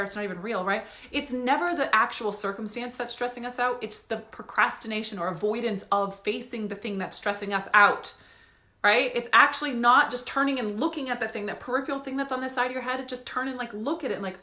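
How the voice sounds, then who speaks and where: A woman's voice: fairly high pitch, sharp tone, echoey room. A woman money coach giving a casual motivational talk on a live stream, swearing and laughing as she talks.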